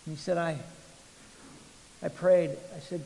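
A man preaching a sermon, retelling a story with many repeats and restarts, swinging between quiet and loud passages. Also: on the high side, flat delivery, unhurried, creaky, in a large hall, poor audio. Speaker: pastor.

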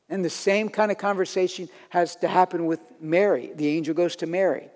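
A man preaching a sermon in an earnest way, building to loud emphatic peaks. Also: high-pitched, moderate pace, big-room sound.

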